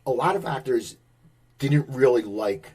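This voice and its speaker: A man's voice: mid-range voice, expressive, a little slow, a little mellow, slightly rough. A man hosting an interview and asking long, rambling questions with many restarts. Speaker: podcast host, interviewer. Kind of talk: casual interview chat.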